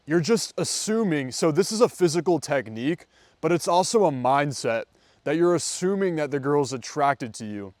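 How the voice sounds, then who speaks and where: A man's voice: a little high, expressive, normal speed, darkish tone, dry recording. A young man in his twenties, a dating coach giving casual vlog advice and acting out example conversations. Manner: conversational, acts out example dialogues.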